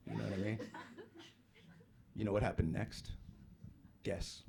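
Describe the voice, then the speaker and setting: A man doing a stand-up comedy set, telling a profane story with sudden loud outbursts. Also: on the low side, fairly even intonation, normal speed, vocal fry, pauses often, background noise. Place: comedy club stage with a live audience. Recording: live club with loud crowd laughter. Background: audience laughter.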